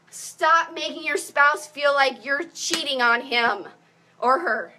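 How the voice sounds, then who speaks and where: A woman in her thirties giving an energetic motivational pep talk as a coach on a call. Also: high voice, moderate pace, slight background noise.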